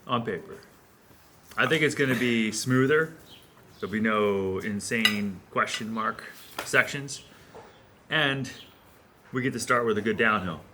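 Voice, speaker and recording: Plain-spoken man, steady voice. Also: lowish voice, measured pace, noisy background. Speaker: professional cyclist. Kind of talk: casual vlog talk.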